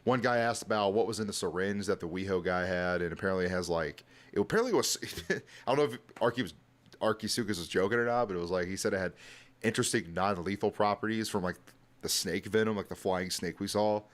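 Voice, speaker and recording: A man's voice: deep voice, fast. A man streaming a late-night reaction video, talking casually and rambling, with many fillers. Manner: rambling, lots of "like".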